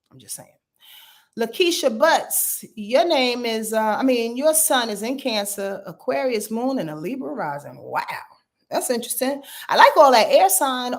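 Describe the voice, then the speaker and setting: Animated, slangy woman giving astrology readings. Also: a little high. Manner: animated, slangy, talks straight to viewers, laughs often. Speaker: astrologer doing live readings. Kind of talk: casual livestream chat and astrology readings. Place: at home.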